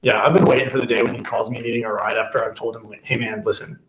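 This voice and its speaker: A young man co-hosting a podcast, telling stories in a casual, animated way and laughing often. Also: medium pitch, very fast, a little hiss or hum. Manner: animated, laughing, imitates people in his stories. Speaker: podcast co-host. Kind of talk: casual storytelling chat. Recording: echoey room.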